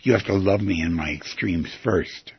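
A man's voice: low voice, moderate pace, breathy edge, no room sound, full character voice. A man voicing a sulky, distrustful inner creature. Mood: grudging. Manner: grudging, stubborn, sulky. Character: grumpy distrustful inner creature self, male. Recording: dull lo-fi recording.

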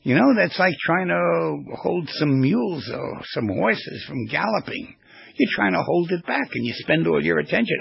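Gravelly, husky-voiced man on radio. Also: a little high, normal speed, dry recording, lo-fi sound. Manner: animated, rambling storyteller. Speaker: radio show host and therapist. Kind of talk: casual radio talk with storytelling.

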